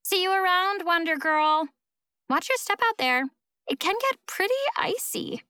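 A woman's voice: mid-range voice, very animated, moderate pace, creaky, no room sound. A woman voicing a cold, possessive teenage schoolgirl who talks to her rival in an icy, taunting way. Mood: mocking.

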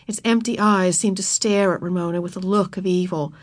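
A woman's voice: fairly low pitch, fairly even intonation, fairly quick, no echo, studio quality. A woman reading a children's chapter book aloud, narrating expressively and voicing the characters.

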